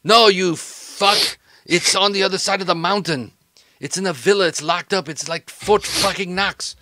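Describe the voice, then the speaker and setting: Brief: man playing a panicky hired thug, stammering and cursing, bright hard edge, dry close sound. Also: a little high, normal speed, vocal fry, no room sound, pitched above the performer's own voice, exaggerated voice. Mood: furious. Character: hot-tempered, foul-mouthed male henchman, panicked. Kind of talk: tabletop game character voice.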